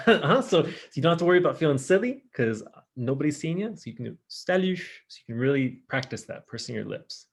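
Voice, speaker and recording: A man teaching a casual online French class, chatty and upbeat, slowing down to model pronunciation. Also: mid-range voice, breathy edge. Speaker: high school French teacher.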